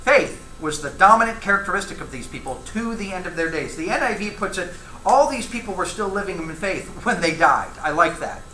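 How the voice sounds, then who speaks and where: A man leads a Bible class in a conversational way, putting questions to the room and reading verses aloud. His voice is bright and lively in pitch. The sound is roomy and echoey, with a faint hum of ambience behind him. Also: brisk. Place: church classroom.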